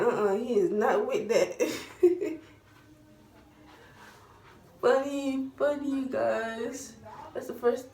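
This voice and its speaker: A young woman vlogger telling a casual storytime in an animated, dramatic way, full of slang. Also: mid-range voice. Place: at home, doing her hair while talking. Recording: roomy echo from a distance, faint background hum.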